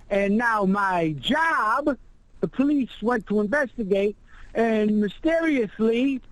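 A brash, foul-mouthed man tells his story in a high voice. He sounds boastful and streetwise, and the recording is dry with no room sound. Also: dry recording, poor audio. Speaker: show regular telling a story. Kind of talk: casual storytelling chat.

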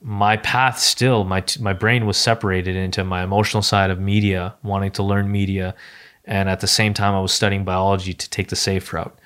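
A low-pitched man in his thirties chats loosely on a podcast. He circles his points and starts sentences over and over, with plenty of fillers, in an unscripted, relaxed way. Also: a little fast, smooth. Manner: rambling, many restarts and fillers. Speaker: podcast host. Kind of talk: casual conversation.

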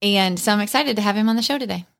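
A woman's voice: mid-range voice, very fast, gravelly, a bit bright. A woman in her thirties hosting a podcast, chatting in an upbeat, lighthearted way. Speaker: podcast host. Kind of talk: casual podcast chat.

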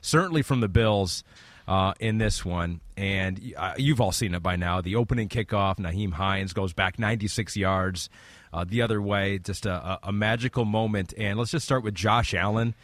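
Sports show host, lowish voice, rambles a bit, dry studio sound. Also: male voice, moderate pace, fairly bright tone, no echo. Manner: steering the segment, rambly. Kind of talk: casual sports talk.

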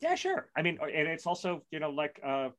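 A man's voice: fairly high pitch, huge pitch swings, moderate pace, fairly bright tone. A man in a casual discussion, emphatic and argumentative, repeating words for stress.

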